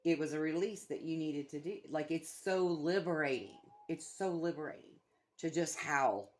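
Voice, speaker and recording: A woman's voice: sits low, moderate pace. A middle-aged woman chatting casually, a blunt, profane storyteller who swears freely. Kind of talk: casual chat.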